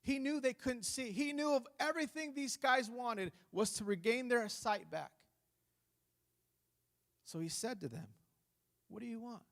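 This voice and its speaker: Male pastor, high voice, passionate church sermon delivery. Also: unhurried, gravelly. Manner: passionate preaching that rises loud on repeated phrases.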